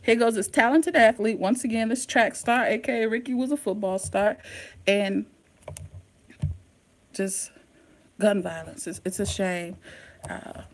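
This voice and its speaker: A woman hosting a casual live-stream recap, talking straight to her viewers in an excitable, slangy way. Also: mid-range voice. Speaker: TV recap host.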